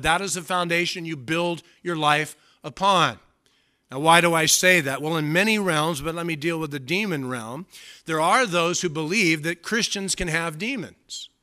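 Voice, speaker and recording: Emphatic preacher man with a bright voice. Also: sits high. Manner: emphatic, repeats words for stress. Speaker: pastor. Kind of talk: sermon.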